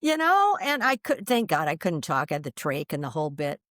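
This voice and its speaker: Animated older woman telling her story. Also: low voice, a little fast, no echo, clean studio sound. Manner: animated, lively storyteller acting out quoted voices. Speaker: guest. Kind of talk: storytelling in an interview.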